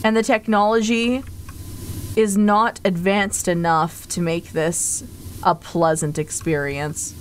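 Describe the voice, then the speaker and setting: A woman's voice: on the low side, flat delivery, takes it slowly, a little hiss or hum. A woman streamer chatting casually during a live game, theatrical and prone to exaggerated outbursts and groans.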